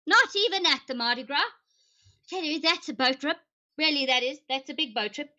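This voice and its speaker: A woman's voice: high voice, expressive, normal speed, sharp tone, highs cut off, heavily acted. A woman playing an eccentric lady senator from long ago in an improvised character stream, rambling and theatrical and switching accents on a whim.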